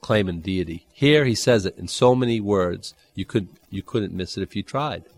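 A man preaching a Bible-teaching sermon, conversational and animated, with dry humor and sudden jumps in pitch. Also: normal speed. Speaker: pastor.

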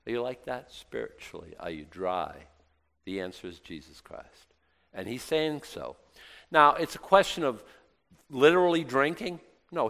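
A man preaching a conversational Bible sermon. He reads scripture, breaks off into casual, joking asides and puts rhetorical questions to his listeners. His voice sits at a middle pitch and swings between loud and hushed. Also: lively intonation, normal speed.

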